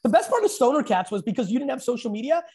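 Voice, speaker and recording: A man's voice: extremely high pitch, sing-song, rapid-fire, warm tone. Opinionated man, teasing and blunt. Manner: teasing, opinionated, talks over others. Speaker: guest. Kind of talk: casual chat.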